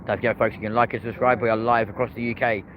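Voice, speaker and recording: Racing along in a mid-range voice with little pitch movement, this man runs a live plane-spotting stream from an airport hotel's rooftop. He chats and jokes with viewers while cheering each landing plane. Expect muffled lo-fi outdoor audio with traffic in the background.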